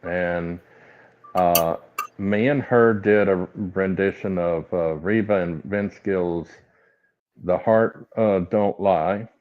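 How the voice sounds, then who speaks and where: A man with a Southern US accent, a guest chatting casually in a folksy, rambling way with many pauses. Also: low-pitched, phone-quality sound. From American South. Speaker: podcast guest. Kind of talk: casual chat.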